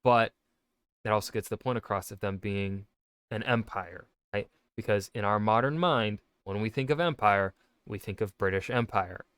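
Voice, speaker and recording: A man's voice: lowish voice, moderate pace, fairly bright tone, smooth, dry recording. An American man who writes fiction, giving casual reaction commentary and rambling as he thinks aloud. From United States. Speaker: author reacting to a video.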